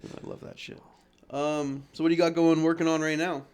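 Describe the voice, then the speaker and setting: Male co-host, slightly higher voice, relaxed storyteller, cusses freely. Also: brisk, smooth. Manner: laid-back, swears casually, animated when retelling quotes. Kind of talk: casual chat, storytelling.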